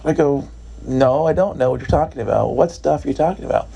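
A man's voice: brisk, vocal fry, breathy edge. A man preaching through a personal story, acting out both sides of the dialogue and filling gaps with "da, da, da". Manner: animated storyteller, acts out dialogue with big pitch jumps, fills with "da, da, da". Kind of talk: storytelling sermon.

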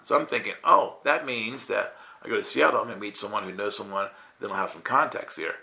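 A man's voice: on the low side, quick pace, vocal fry, pushed and bright, rough recording. A man telling a casual personal testimony as a guest minister, chatty and self-interrupting, often checking in with "right?".

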